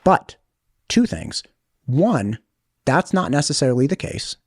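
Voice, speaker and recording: Animated man pushing back in a debate. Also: fairly high pitch, unhurried, slightly rough, no room sound, studio quality. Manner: animated, pushes back, conversational. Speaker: podcast host. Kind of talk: debate in a podcast interview.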